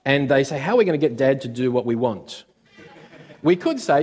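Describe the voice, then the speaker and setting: A man preaching a sermon as a pastor, at a middle pitch, with a long hall reverb trailing each phrase. He is expressive, swinging between loud passages and quiet asides, and he often hesitates and restarts. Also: moderate pace.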